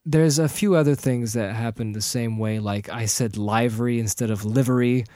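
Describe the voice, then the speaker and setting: A man chatting casually on a podcast, animated and quick to laugh, often restarting his sentences. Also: medium pitch, dry recording, studio quality. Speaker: audiobook narrator and podcast host. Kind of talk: casual chat.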